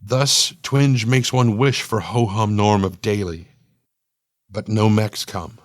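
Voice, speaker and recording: A man narrating a first-person science-fiction story in a playful, slangy, animated way. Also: on the low side, slow pace, no room sound, clean studio sound.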